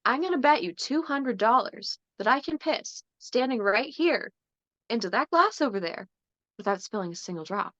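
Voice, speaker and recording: A man's voice: very high-pitched, lively intonation, normal speed, sharp tone, dry recording, exaggerated voice. A woman voicing a boastful man who makes a bet in a bar joke, told in her own everyday voice with a sly delivery over a dull, lo-fi recording. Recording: dull lo-fi sound.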